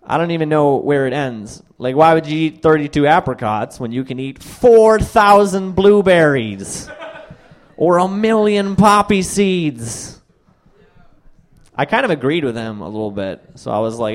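A young man doing a stand-up set, telling wry stories and acting out other people's lines in quick asides. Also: medium pitch, animated. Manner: wry storytelling with voiced asides. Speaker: stand-up comedian.

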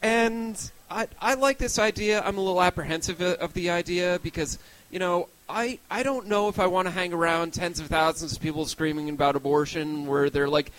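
High-pitched young male comic, self-mocking, loose rambling delivery. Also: brisk, a bit bright, poor audio. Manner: self-deprecating, rambling with restarts. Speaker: stand-up comedian. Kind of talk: stand-up set.

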